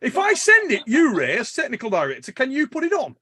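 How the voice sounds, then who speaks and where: High-voiced man telling stories. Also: fast. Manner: animated, swears a lot, laughs while telling stories. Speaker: podcast host. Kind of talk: casual storytelling chat.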